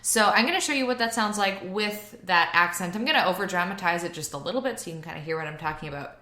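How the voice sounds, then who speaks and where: A woman's voice: on the low side, fast. A woman teaching a piano lesson in a casual video, chatty and prone to rambling asides.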